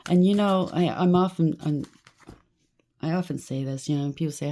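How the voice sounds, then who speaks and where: A woman's voice: sits low, moderate pace, pauses often, mellow, slight background noise. A woman giving a rambling, chatty collective tarot reading, preaching and thinking aloud with frequent asides. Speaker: tarot reader.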